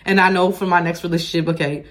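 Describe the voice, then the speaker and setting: A woman's voice: lowish voice, steady tone, quick pace. A woman co-hosting a casual chat podcast, talking emphatically and repeating her points to drive them home. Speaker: podcast co-host.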